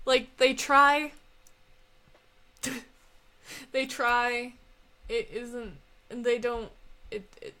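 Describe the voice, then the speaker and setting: A giggly young woman co-hosting a casual podcast. She talks with some hesitation, and her voice is slightly high and bright. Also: fairly even intonation, very slow, pauses often. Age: young adult. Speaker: podcast co-host.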